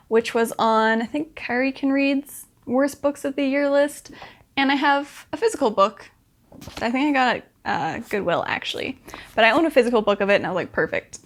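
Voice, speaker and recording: A woman's voice: fairly high pitch, expressive, normal speed, a bit bright. A young woman talking casually to camera as a book vlogger, chatty and upbeat, with lots of fillers.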